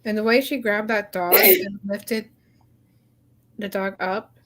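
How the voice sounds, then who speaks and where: A woman's voice: medium pitch, measured pace, crowd noise. Upset woman in a group chat. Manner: upset and questioning, apologetic about swearing. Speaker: chat participant.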